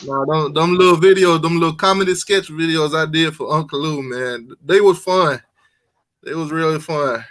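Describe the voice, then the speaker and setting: A man's voice: on the high side, moderate pace, fairly bright tone. A man hosting a casual sports live stream, reading out donations and chatting in a laid-back way, laughing easily.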